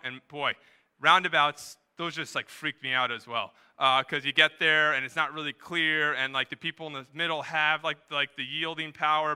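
Male pastor, bright and smooth-voiced, conversational sermon with lively asides. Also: a little high. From New Hampshire, USA. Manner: conversational, quick asides, rising emphasis. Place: church during live service.

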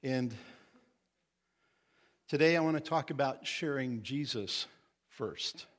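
With a mid-range voice, this middle-aged Indiana man delivers a sermon as pastor. His tone is sincere and teaching-focused, and he reads scripture deliberately, stressing the words.

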